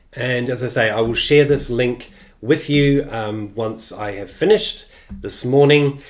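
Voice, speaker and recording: A middle-aged man hosting a live-streamed craft tutorial, chatty and loose, with plenty of ums and uhs as he answers viewer comments. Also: medium pitch.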